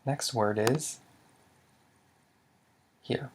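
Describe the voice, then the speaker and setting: A man teaching tone rules step by step, with a methodical manner, saying each example word louder than the rest. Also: medium pitch, a little hiss or hum. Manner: slow and methodical, says Lao example words louder. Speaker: language teacher. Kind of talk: screen-recorded tutorial explanation.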